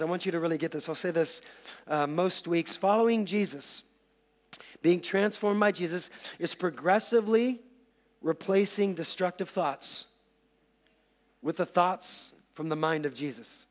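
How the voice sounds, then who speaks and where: Energetic high-voiced man preaching. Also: normal speed. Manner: energetic, joking asides to the congregation. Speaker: pastor. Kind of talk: sermon. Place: large church auditorium. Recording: long hall reverb.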